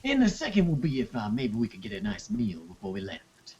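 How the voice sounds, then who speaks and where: A man's voice: medium pitch, huge pitch swings, brisk, a little mellow, a little hiss or hum. A man playing a tabletop game, slipping into a playfully formal tone when he speaks in character. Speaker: player. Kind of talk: tabletop role-play. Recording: muffled mic with faint rain behind.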